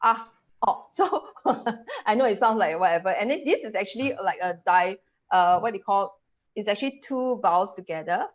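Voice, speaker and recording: A Singaporean woman coaches English pronunciation over a video call, animated and quick to laugh as she drills each vowel aloud. Her voice sits at a middling pitch. The call audio is dull and lo-fi. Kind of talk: webinar teaching, demonstrating sounds.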